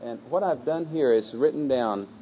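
A man teaching a group to memorize a scripture verse, speaking patiently with fillers and repeating phrases slowly. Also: mid-range voice, breathy edge. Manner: patient, repetitive, slow chanting of phrases with a group. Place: room with a live group. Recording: dull lo-fi recording.

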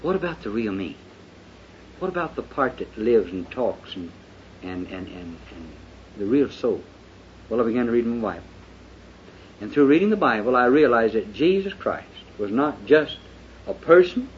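A man preaching a sermon in a folksy way, dropping to hushed confession and then rising to fervent shouting. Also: mid-range voice, very animated, moderate pace, long pauses. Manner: folksy, with lots of "you know". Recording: dull lo-fi recording with faint hiss.

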